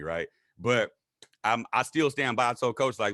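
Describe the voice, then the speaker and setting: A man telling his story in a casual interview, animated and acting out what others said in raised voices. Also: a little fast, no room sound, studio quality. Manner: animated, acts out quotes in high voices. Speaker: guest.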